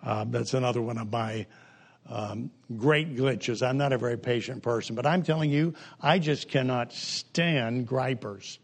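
An older man preaching a humorous sermon in a folksy, joking way, with sudden jumps in pitch and pace. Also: unhurried, vocal fry.

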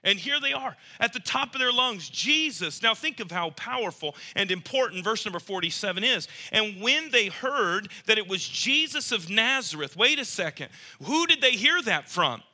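High, bright, animated male preacher. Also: moderate pace, hardly any pauses. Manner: animated, acts out quoted voices, rising to near shouts. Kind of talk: sermon.

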